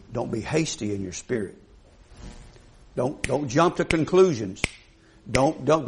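A man's voice: on the high side, slightly rough. A man preaching a sermon in a folksy, emphatic way, putting questions to the congregation.

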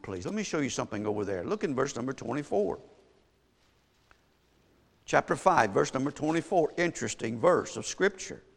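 A man's voice: fairly high pitch, creaky, a bit bright, big-room sound. A man preaching a sermon, reading scripture aloud with rising, emphatic delivery to a church congregation. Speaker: pastor. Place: church sanctuary.

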